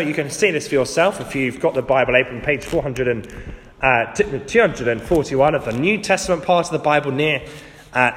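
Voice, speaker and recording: Preacher in an echoing church. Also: male voice, mid-range voice, fairly bright tone. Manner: conversational, lightly humorous, acts out quotes. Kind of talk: sermon. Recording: long church reverb.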